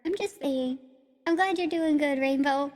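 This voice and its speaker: A woman streamer chatting casually through a high chipmunk voice changer, giggly and playful. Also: normal speed, darkish tone, in a large hall, soft background music. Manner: giggly, playful, fiddling with settings. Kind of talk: casual live-stream chat.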